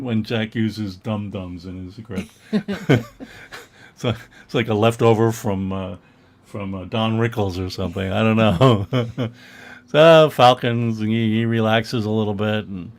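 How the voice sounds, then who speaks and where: A man co-hosting a casual online chat about comic book art, chatty and quick to laugh, now and then reading captions aloud in mock voices. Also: on the low side. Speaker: museum co-host.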